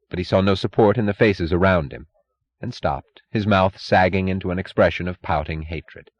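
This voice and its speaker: Low-voiced male audiobook narrator. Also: normal speed, no room sound, dull audio. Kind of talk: scripted novel narration.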